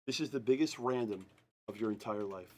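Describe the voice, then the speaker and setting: A man hosting a live sports card break, building hype and repeating himself, then slowly announcing the teams. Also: fairly low pitch, a little mellow. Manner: hyped, repeating himself, slows to announce results.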